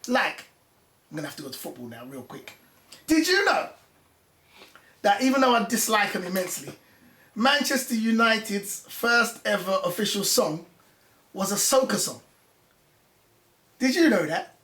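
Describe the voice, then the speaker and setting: Animated man talking in an echoey room. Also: high voice, moderate pace. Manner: passionate, animated storytelling. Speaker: guest, former music journalist. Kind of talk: casual conversation.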